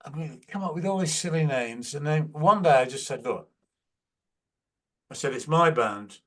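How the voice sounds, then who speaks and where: A man's voice: fairly high pitch, animated, moderate pace. Older English male guest, Manchester accent, casual anecdotal storyteller. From England. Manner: anecdotal, acts out quotes. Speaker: guest musician. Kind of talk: casual interview chat.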